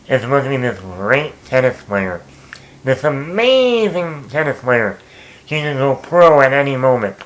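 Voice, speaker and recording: A young man talks through a film review in a loose, rambling way, often stumbling over his words and starting over. His voice sits in an ordinary middle pitch, and he perks up for quick excited asides. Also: rough recording. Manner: rambling, repeats and restarts words, animated asides. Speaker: movie review host. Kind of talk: casual spoken movie review.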